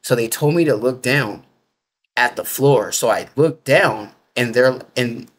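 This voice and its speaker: A little slow and husky, with a medium pitch, an interview guest rambles casually through his story. Filler words, mostly "like," and informal grammar run throughout.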